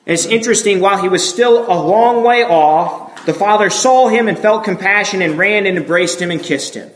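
High-voiced preacher in an echoey room. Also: male voice, moderate pace. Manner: earnest, explanatory, with emphatic repetition. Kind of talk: expository sermon.

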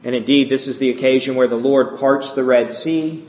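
A man's voice: medium pitch, fairly even intonation, normal speed, a little mellow. A man giving a sermon, reading scripture and voicing the complaints with rising emphasis. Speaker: preacher.

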